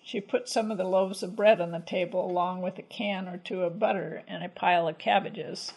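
Female storybook narrator, measured and expressive, rough husky grain. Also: medium pitch, rough recording.

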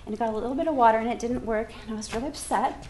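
Brief: high-pitched woman storyteller, animated, echoey hall with faint room noise. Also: racing. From Alaska. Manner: lively, laughing, acts out quoted voices. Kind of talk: live personal storytelling.

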